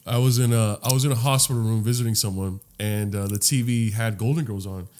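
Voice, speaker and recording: A man hosting a podcast, telling a rambling, animated story full of restarts and casual swearing. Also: on the low side, a little fast. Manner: swears freely. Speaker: podcast host. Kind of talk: casual chat.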